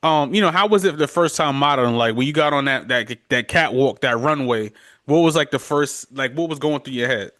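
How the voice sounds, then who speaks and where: A man's voice: mid-range voice, brisk, fairly bright tone, no room sound, studio quality. A man from New York hosting a casual podcast interview, laid-back and full of "yeah" and "you know what I'm saying". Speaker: podcast host.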